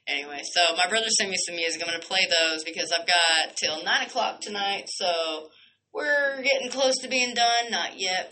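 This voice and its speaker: A woman's voice: fairly low pitch, pushed and bright, a little hiss or hum, rough recording. A young woman hosting a radio show, ranting bluntly and heatedly, swearing and firing off rhetorical questions. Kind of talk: heated solo radio rant.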